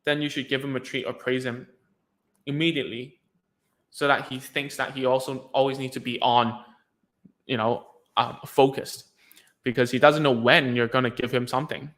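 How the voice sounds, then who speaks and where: A man talks parents through their child's speech habits in a relaxed, informal advice video. He rambles a little, restarts his sentences and drops in casual slang. His voice sits at an everyday middle pitch. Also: moderate pace. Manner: loose and chatty, lots of fillers and restarts, says "dude". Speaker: speech therapy coach answering parents' questions.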